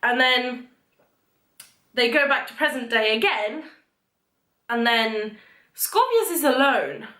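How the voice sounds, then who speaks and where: A young woman vlogger rambling excitedly through a book recap, full of "like" and fillers. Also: a little high, slow pace, pauses often. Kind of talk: casual book talk. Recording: echoey room.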